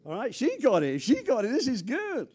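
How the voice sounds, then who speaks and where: An older man from near London preaching a sermon with an English accent, animated and humorous, dropping from loud emphasis to quiet asides. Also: extremely high pitch, moderate pace, slightly rough. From England. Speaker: pastor.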